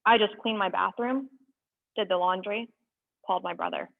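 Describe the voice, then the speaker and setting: A young woman at an open mic, reading poems aloud with earnest, halting asides between them. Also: mid-range voice, creaky. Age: young adult. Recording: tinny phone-like sound.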